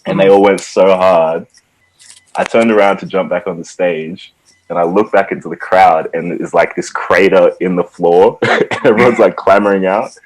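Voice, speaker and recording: A man's voice: sits low, fairly even intonation, moderate pace, rough recording. A young man from Ghana, a musician guest chatting casually in an interview, laid-back and full of "like" and "um" fillers.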